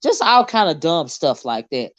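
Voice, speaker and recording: A woman's voice: low-pitched, sing-song, moderate pace, no room sound. A woman hosting a casual livestream and reading her chat, blunt and swearing freely, with a habit of repeating herself.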